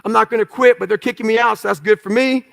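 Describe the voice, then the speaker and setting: A man's voice: high voice, steady tone, fast talker, vocal fry, fairly bright tone. A man telling his life story to an audience in blunt, profane, punchy phrases, acting out what he thought back then. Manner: emphatic, punchy short phrases. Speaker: motivational speaker.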